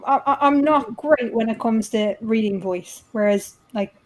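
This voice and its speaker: A woman from Ireland with a Dublin accent hosts a casual chat, often stammering and repeating herself. Her voice is fairly high in pitch and she talks at normal speed.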